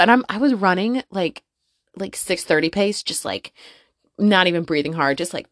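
A woman hosting a podcast from her closet, telling a story in a casual, profane, animated way and laughing often. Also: fairly low pitch, normal speed, no echo, clean studio sound. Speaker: podcast host. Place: home closet.

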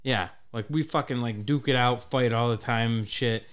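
A man's voice: mid-range voice, normal speed, smooth. A man in his thirties telling a rambling, profane story as a podcast host in casual chat. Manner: profane, rambling, animated when telling stories.

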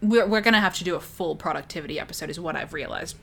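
A woman's voice: fairly low pitch, very fast, gravelly, a bit bright, slight background noise. A young woman co-hosting a casual podcast, upbeat and joking, with a casual swear now and then. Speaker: podcast co-host. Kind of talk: casual chat.

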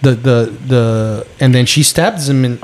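Animated man arguing about a film. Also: medium pitch, a little slow, slight background noise. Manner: animated, argues his point with frequent restarts. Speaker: podcast co-host. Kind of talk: casual film discussion.

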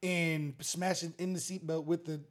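A man's voice: fairly high pitch, flat delivery, normal speed. A man co-hosting a podcast, telling stories energetically in casual chat, laughing often. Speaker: podcast co-host.

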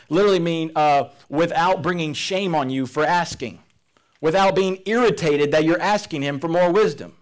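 A man's voice: a little high, moderate pace. Earnest man preaching a sermon. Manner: earnest, emphatic, drops to quiet intensity. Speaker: pastor. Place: church service room.

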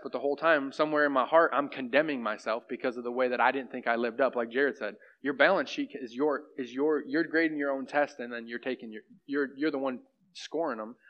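A man teaching a church group in a casual, conversational way, often checking in with "right?". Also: mid-range voice. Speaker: pastor leading a group teaching. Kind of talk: informal sermon and discussion. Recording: dull lo-fi sound.

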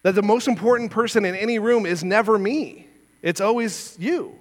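High-voiced preacher man in a reverberant hall. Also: moderate pace. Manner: earnest, conversational preaching with rhetorical questions. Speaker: pastor. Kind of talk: sermon. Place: church sanctuary.

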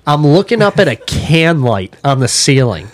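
A man tells bawdy stories in a loose, casual podcast chat. His voice sits a bit high and he rattles along quickly, laughing at his own stories. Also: sing-song. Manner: fast, laughing, crude storytelling. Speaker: podcast guest. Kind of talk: casual storytelling.

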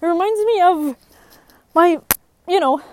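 A woman's voice: extremely high pitch, a little slow, a little hiss or hum. A young woman in recovery telling her own story, frank and emotional, her voice rising when she gets frustrated. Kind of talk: personal testimony.

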